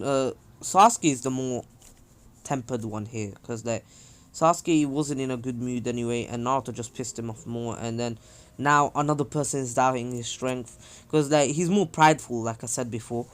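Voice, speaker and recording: A man's voice: medium pitch, normal speed, smooth. A man casually telling a fan-fiction story, rambling with lots of fillers. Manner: rambling, many fillers and restarts.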